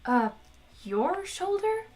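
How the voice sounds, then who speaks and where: A woman voicing a squeamish young man who protests in a high, strained voice. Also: big pitch swings, takes it slowly, a little mellow, exaggerated voice. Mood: horrified. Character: squeamish young Englishman, horrified.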